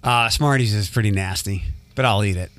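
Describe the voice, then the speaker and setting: A man hosting a radio show, brisk and quick to laugh as he runs a quick-fire game. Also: fairly low pitch, fairly bright tone, dry recording. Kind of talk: casual studio banter.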